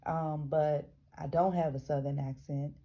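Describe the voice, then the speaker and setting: Gravelly low-voiced woman reading aloud. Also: fairly even intonation, measured pace, highs cut off. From American South. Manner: frequent restarts and self-corrections while reading. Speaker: reader. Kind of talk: reading a book aloud with chatty asides.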